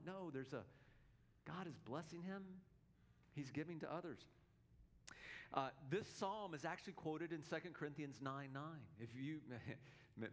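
A male pastor delivers a sermon in an earnest, emphatic way. His voice sits a little high for a man. He often repeats words as he drives his points home.

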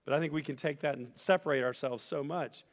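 A man preaching a sermon as pastor, earnest and building to loud, emphatic peaks. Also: fairly high pitch, fast talker. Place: church sanctuary. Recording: church hall reverb with soft music.

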